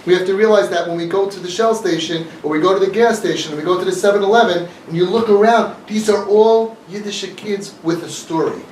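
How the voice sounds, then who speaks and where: A man's voice: high-pitched, brisk, few pauses, darkish tone. A man giving an earnest, emphatic talk to an audience, repeating his points, recorded from a distance. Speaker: inspirational speaker. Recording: echoey room, mic far off, faint noise.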